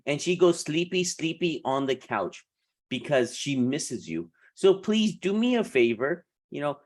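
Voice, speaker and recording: A man's voice: fairly high pitch, sing-song, measured pace. A man playing a sweet small child who pleads earnestly for mommy. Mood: pleading.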